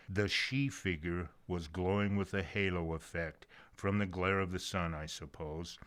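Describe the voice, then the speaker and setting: A man's voice: low-pitched, a bit bright, smooth. An older man narrating his own first-person short story in a folksy, conversational way with casual asides.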